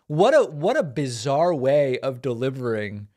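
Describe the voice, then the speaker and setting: A man in his thirties hosts a live political stream, his voice swinging up and down with lively pitch. He reads viewer messages aloud and meets the clips with incredulous, mocking reactions. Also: measured pace. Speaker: political commentary host.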